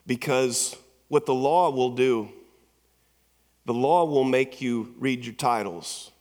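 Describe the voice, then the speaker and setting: Preaching in a church sanctuary, this pastor speaks slowly in a mid-range voice with a darkish tone. He tells stories conversationally, often restarting and repeating words, and the long reverb of the hall fills the recording.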